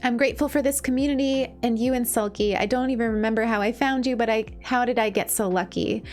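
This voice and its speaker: A woman's voice: a little high, fast. Young woman, live-stream chat, gushing and emotional, laughs at herself, faint music behind.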